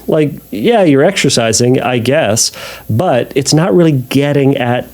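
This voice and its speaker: A man's voice: mid-range voice, a little mellow. A man, a therapist hosting a podcast, answering a listener's question in a conversational way with frequent restarts and dry asides. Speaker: podcast host and ERP therapist.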